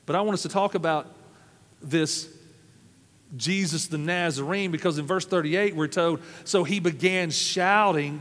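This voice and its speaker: A pastor from Arkansas, preaching a sermon with folksy, humorous storytelling. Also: male voice, fairly high pitch, measured pace, fairly bright tone. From South Arkansas, USA. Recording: long hall reverb.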